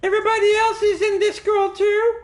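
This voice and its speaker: A man's voice: very high voice, unhurried, pushed and bright, roomy sound, a little hiss or hum, pitched above the performer's own voice, exaggerated voice. A man voicing a timid, scared little schoolgirl sister, pleading tearfully in game dialogue. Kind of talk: game dialogue read aloud.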